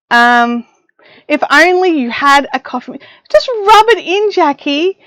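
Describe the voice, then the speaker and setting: A middle-aged Australian woman chats with viewers in a self-mocking way while hosting a casual craft livestream from her home craft room. She speaks high and expressively with a fairly bright tone, at a measured pace with long pauses and no room sound. A desk mic and headphones are her setup, and the audio is dry, dull and lo-fi.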